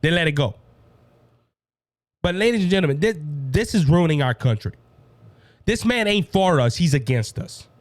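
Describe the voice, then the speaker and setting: A man with a Cajun accent hosting a political commentary show, fired up and preachy, addressing listeners as ladies and gentlemen. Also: on the high side, animated, moderate pace, pauses often, no room sound. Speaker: talk show host.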